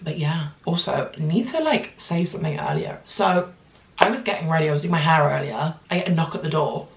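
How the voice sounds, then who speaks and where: Gravelly low-voiced British young woman. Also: fairly quick, echoey room, noisy background. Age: 20s. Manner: chatty, animated storytelling with frequent fillers. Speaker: vlogger. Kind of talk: casual storytime chat.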